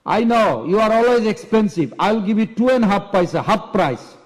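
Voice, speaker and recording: A man's voice: high voice, expressive, moderate pace, voice pushed up. A man voicing a proud, teasing young male scholar who haggles and boasts, in a bossy, needling manner. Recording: long reverb of a temple hall.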